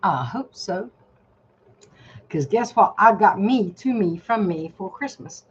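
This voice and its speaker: A woman's voice: medium pitch, animated, slow, dull audio, slight background noise. An older woman vlogging a casual product review from her home desk, chatty and rambling as she talks straight to her viewers.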